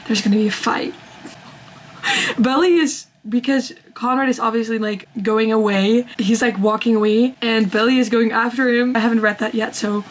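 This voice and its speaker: Young woman, fairly high voice, book vlogger reading aloud with excited asides. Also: normal speed, rough recording. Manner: reads in a steady first-person narration, bursting into excited reactions. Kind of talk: reading a novel aloud with reactions.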